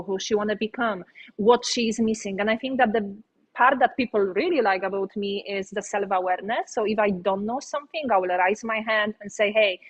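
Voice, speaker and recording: A woman's voice: mid-range voice, low-quality recording. Polish-accented woman telling stories. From Poland. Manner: animated storyteller, frequent fillers. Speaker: interview guest. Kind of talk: casual interview storytelling.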